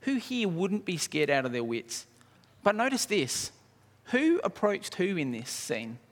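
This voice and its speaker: A man preaching a sermon, animated, acting out scenes and asking the congregation questions. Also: high voice, measured pace. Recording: reverberant hall.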